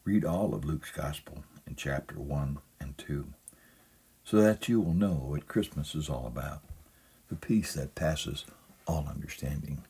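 Very deep, husky male pastor. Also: unhurried, mellow. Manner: humorous storytelling, chuckles at own jokes. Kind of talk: sermon with a humorous reading.

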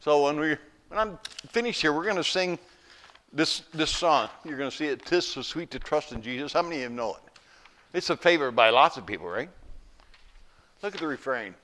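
A middle-aged pastor giving a folksy sermon, telling stories and asking rhetorical questions. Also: male voice, on the high side, animated, fairly quick, pauses often, pushed and bright.

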